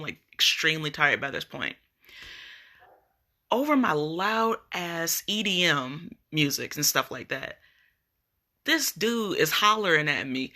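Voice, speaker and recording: A woman's voice: fairly low pitch, sharp tone. A woman vlogger ranting casually on a live video, blunt and profane as she tells her story.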